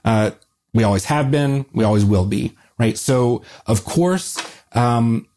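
Mellow-voiced man explaining history earnestly. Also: medium pitch, slow. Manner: earnest, many fillers and restarts. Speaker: guest historian. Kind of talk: conversational interview answers.

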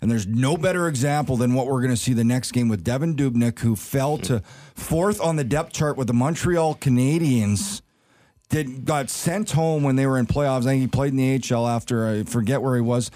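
A middle-aged man, a former player turned hockey analyst, telling animated anecdotes in a sports panel chat. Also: medium pitch, moderate pace.

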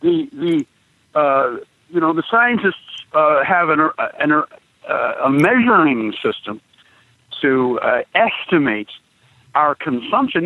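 A man who is an activist street preacher, speaking as a radio interview guest: halting at first, then building into preacher-like emphasis. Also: a little high, animated, no room sound. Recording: tinny phone line, dry.

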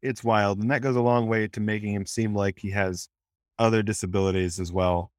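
A man's voice: fairly low pitch, steady tone, brisk, smooth, no echo, studio quality. A man from the American South co-hosting a casual movie review podcast, rambling and sometimes losing his train of thought. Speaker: podcast co-host.

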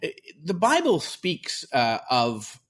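A man's voice: a little high, wildly swooping pitch, takes it slowly. A man hosting a podcast, explaining earnestly in casual talk, with fillers and restarts. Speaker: podcast host.

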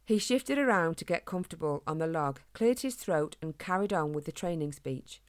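A woman narrating a children's storybook in a calm, gentle way. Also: low-pitched, normal speed, hardly any pauses, no echo, clean studio sound. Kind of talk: storybook reading.

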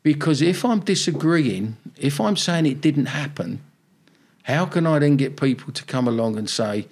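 A man's voice: mid-range voice, lively intonation, moderate pace, a little mellow. An older man with a South London accent, telling his story bluntly and animatedly in a podcast interview. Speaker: football manager guest.

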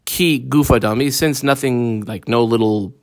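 A man giving a Talmud lesson in a plain mid-range voice. He reads short Aramaic passages, then explains them in English, stopping often with hesitant fillers. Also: mid-range voice. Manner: halting, many fillers, mixing Aramaic readings with English explanation. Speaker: Talmud teacher.

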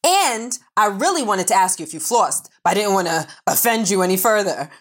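A woman co-hosting a podcast, teasing and quick to contradict in casual banter. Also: mid-range voice, lively intonation. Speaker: podcast co-host.

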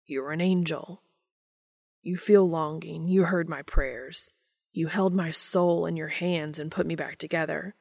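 Woman voicing an emotional man, hushed and strained, lower-pitched read, story reading. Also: fairly even intonation, measured pace, gravelly, slightly rough, full character voice. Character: troubled intense man, emotional, confessing.

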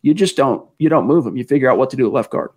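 A husky, darkish mid-range male voice races along expressively. He co-hosts a casual sports talk livestream, chatty as he reads fan messages aloud and fields their questions.

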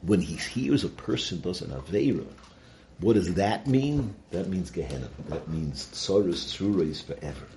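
A man giving an informal Torah talk, halting and restarting often and mixing in Hebrew and Yiddish terms. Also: deep voice, animated, a little mellow, a little hiss or hum. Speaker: Torah teacher.

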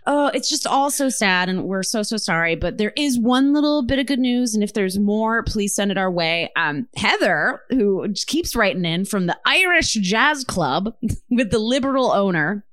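A woman's voice: mid-range voice, lively intonation, normal speed, fairly bright tone, dry recording, studio quality. Sex: woman. Fiery, swearing podcast co-host. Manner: impassioned, profane, storytelling. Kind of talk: casual chat.

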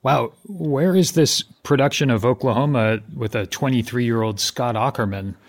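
Middle-aged dude cohosting a comedy podcast, deadpan, takes everything literally. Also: male voice, mid-range voice, normal speed, dry recording, clean studio sound. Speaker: podcast co-host. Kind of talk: improvised comedy podcast chat.

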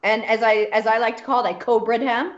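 A woman's voice: fairly high pitch, steady tone, fairly quick. Emphatic woman telling a story. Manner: emphatic, repeats phrases for stress. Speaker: interview guest. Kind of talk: candid storytelling. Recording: roomy, dull lo-fi sound.

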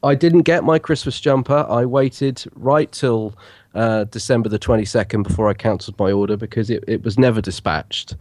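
A man's voice: on the low side, moderate pace, darkish tone, no echo. Nasal man with a cold. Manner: chatty, rambling storyteller. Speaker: podcast co-host. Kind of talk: casual chat.

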